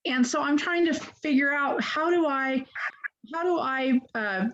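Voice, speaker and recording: Woman in her sixties on a muffled video call, fairly high voice, halting and self-correcting. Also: fairly bright tone, a little hiss or hum. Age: 60s. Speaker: workshop participant. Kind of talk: asking a question.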